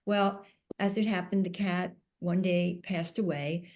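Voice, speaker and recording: A woman on a panel, telling a personal story in a soft-spoken, emotional way. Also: on the low side, fairly even intonation, measured pace. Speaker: panel speaker.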